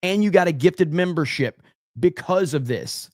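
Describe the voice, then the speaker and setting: A man's voice: sits high, lively intonation, moderate pace, no room sound, clean studio sound. Profane man hosting a livestream. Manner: profane, blunt, mock-angry banter with chat. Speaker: livestream podcast host. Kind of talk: casual livestream chat reading donations.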